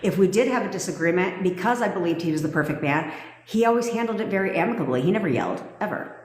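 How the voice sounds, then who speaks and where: This woman talks fast and animatedly in a lowish voice, laughing as she tells a personal story on a casual livestream. A manifestation coach, she's brash, sassy and foul-mouthed, and the echoey room around her has a long reverb.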